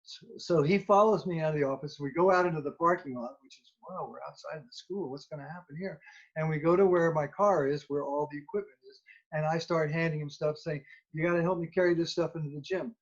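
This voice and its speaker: A man telling an animated anecdote as a children's musician, acting out the dialogue as he goes. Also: fairly high pitch, quick pace. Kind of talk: storytelling anecdote. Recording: dull lo-fi recording.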